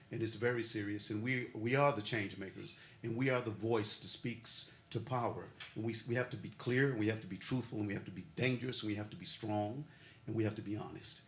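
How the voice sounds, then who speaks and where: An older man with a lowish, slightly bright voice gives a heartfelt, emotional acceptance speech at an awards ceremony, laughing as he talks. He builds his points through repeated, preacherly phrases, and the ceremony hall sounds echoey with faint noise.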